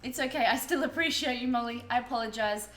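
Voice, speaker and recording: A chatty Australian woman runs a casual live cooking stream and talks with viewers as she works. Her voice rings in an echoey room. Music plays clearly behind her. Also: a little high, fast, a bit bright. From Melbourne, Australia. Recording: roomy echo with music behind.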